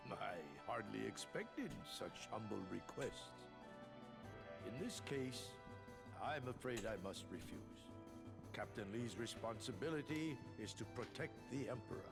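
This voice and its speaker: A man voicing an aged, calm and wise emperor in a video game, speaking in a measured, regal way with a gravelly voice. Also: mid-range voice, over music. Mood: regal, gentle.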